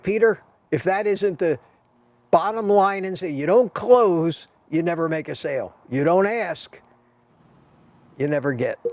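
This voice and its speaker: An older man hosting a casual livestream, talking to viewers in a chatty, rambling way with a salesman's patter. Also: on the high side. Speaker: livestream host. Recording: dull lo-fi stream audio.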